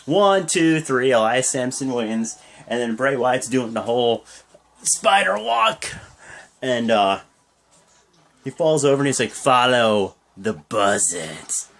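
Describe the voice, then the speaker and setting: Young vlogger, casual wrestling recap, rambling delivery, very animated pitch. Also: a little slow, pauses often. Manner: rambling, full of fillers and restarts. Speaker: wrestling show reviewer.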